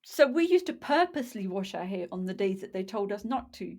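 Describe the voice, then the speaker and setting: A woman's voice: medium pitch, sing-song, fairly quick, darkish tone. Chatty woman co-host, searching for words. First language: Punjabi. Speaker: podcast co-host. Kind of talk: casual chat.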